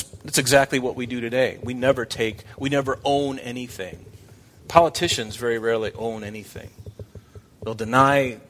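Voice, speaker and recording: A man preaching an expository sermon with a voice of middle pitch. He talks to his congregation in a conversational way and turns animated when he quotes scripture. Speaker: pastor.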